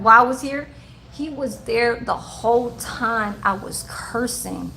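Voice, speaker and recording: A woman's voice: mid-range voice, gravelly, fairly bright tone, a little hiss or hum, poor audio. Profane laughing woman in her forties. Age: 40s. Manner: profane, laughing storyteller who talks to her chat. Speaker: livestream host. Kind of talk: casual livestream chat.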